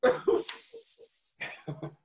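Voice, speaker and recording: A man from Detroit, a podcast co-host and former wrestler, telling candid stories in an animated, emotional way. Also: extremely slow, reverberant. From Detroit, USA. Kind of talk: candid storytelling interview.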